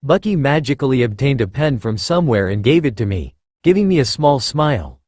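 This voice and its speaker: A man narrating a first-person fan fiction story in an expressive reading style. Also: mid-range voice, brisk, no echo.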